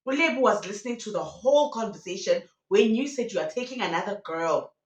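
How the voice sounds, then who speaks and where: A woman's voice: mid-range voice, a bit bright, highs cut off. Woman, mocking storyteller who does the voices; roomy echo. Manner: dramatic, mocking, switches into voices of the people in the story. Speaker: commentator retelling a radio prank. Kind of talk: animated storytelling commentary.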